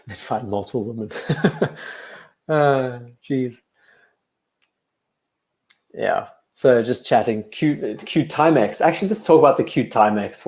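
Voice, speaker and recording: Speaking at an ordinary middle pitch in an echoey room at home, a young watch channel host with a South African and English accent blend runs a casual live stream. He's relaxed and rambling, reading viewer comments and answering chat questions in between watch remarks.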